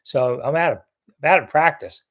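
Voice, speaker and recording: A man's voice: on the high side, normal speed. Blunt older male sports commentator. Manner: blunt, chatty, reads viewer comments aloud. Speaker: sports commentator and live-chat host. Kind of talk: casual live-stream chat.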